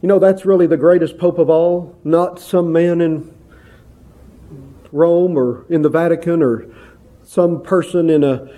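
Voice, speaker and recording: A male preacher delivering a sermon in a warm, darkish voice that sits a little high for a man. He drives his points home with repetition and often turns to the listeners as "my friends.". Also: steady tone, measured pace. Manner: emphatic, repeats phrases, addresses listeners as "my friends".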